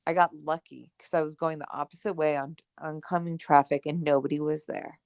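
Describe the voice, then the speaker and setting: A young woman co-hosts a podcast, recounting a personal story in casual, animated chat peppered with "like" and "right?", and she acts out the lines she quotes. Her voice sits low and moves briskly. The studio recording is clean, with no echo.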